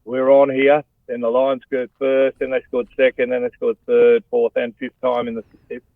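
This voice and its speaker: A man's voice: medium pitch, moderate pace, vocal fry, no room sound. Australian man on a tinny phone line. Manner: blokey, animated, says "mate" a lot. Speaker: guest, former rugby player and radio host. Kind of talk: casual chat over a phone line.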